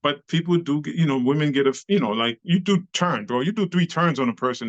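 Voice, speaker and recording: A man's voice: fairly high pitch, a little fast. A man, a club dancer telling stories as an interview guest, slangy and profane and acting out the people in them. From New York City. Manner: animated storyteller, slangy and profane, acts out quoted people. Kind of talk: casual storytelling interview. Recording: slightly dull lo-fi recording.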